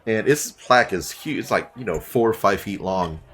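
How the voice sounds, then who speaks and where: Low-voiced casual game master. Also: male voice, lively intonation, normal speed, a bit bright, slightly rough, some chatter behind. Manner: casual, descriptive, filler-heavy. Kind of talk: narrating a tabletop game.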